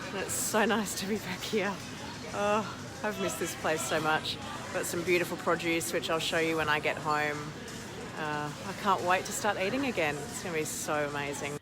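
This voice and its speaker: A woman's voice: on the low side, normal speed, music in the background. A woman in her thirties from Australia, chatting upbeat to viewers in a casual video diary. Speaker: vlogger.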